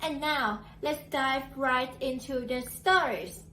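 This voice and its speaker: A woman opens a story channel with an upbeat welcome. Her voice is high and bright, with a clear edge. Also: takes it slowly. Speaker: channel host. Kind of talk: channel intro.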